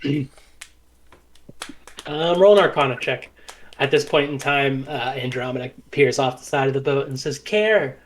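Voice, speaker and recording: A man running a tabletop game as game master, narrating in a relaxed way full of fillers. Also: mid-range voice, normal speed, long pauses.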